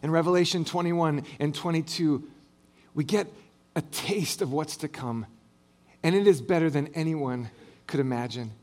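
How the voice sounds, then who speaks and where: Expressive preacher, a man with a higher voice. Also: normal speed. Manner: expressive preaching, swelling on big phrases and dropping low and soft at line ends; light humor between scripture readings. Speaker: pastor. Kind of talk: sermon.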